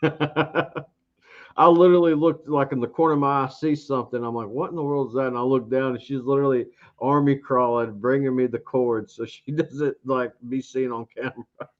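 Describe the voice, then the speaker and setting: A man's voice: medium pitch, steady tone, moderate pace. A man from Georgia tells a long, rambling story in an easygoing interview chat. He keeps acting out what he thought at the time. The recording sounds a little dull and lo-fi. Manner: rambling storyteller, acts out his own past thoughts. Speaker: interview guest, beard reviewer.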